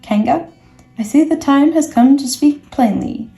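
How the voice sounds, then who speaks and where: Woman squeaking as timid little piglet. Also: unhurried, dark tone. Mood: indignant. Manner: high, squeaking, panicky cries. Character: timid tiny male piglet, squeaky and anxious. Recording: echoey room, faint music.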